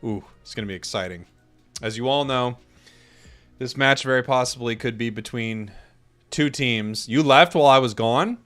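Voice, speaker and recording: A man's voice: mid-range voice, a bit bright, soft background music. A man casting an esports tournament, joking with his stream chat in mock outrage during a break, stammering and restarting. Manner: stammering restarts, quick laughs.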